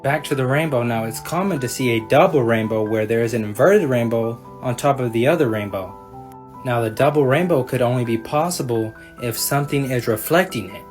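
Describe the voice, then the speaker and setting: A man giving earnest, explanatory narration that quotes Bible verses. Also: medium pitch. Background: guitar music.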